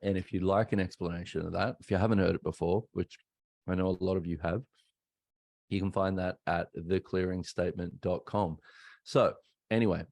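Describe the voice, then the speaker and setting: Australian male podcast host, thirties, very deep voice, dry studio sound, open and conversational storytelling. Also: steady tone, normal speed, creaky, darkish tone, dry recording. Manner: candid, conversational, acts out quoted voices. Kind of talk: reflective personal storytelling.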